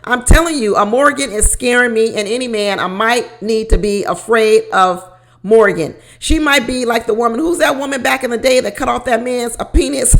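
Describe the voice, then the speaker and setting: Chatty woman recapping a dating show, higher voice, laughs a lot, keeps repeating herself. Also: moderate pace. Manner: animated, laughs often, repeats phrases. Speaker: reality show recap host. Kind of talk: casual commentary.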